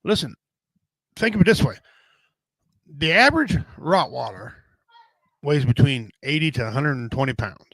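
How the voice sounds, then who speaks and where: A middle-aged man chats casually as a show host, rambling from point to point in a blunt, folksy way. His voice sits at an ordinary pitch. The recording is dry and close, with no room sound. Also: big pitch swings, normal speed, pauses often, fairly bright tone, no echo, rough recording. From Native American. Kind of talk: casual chat.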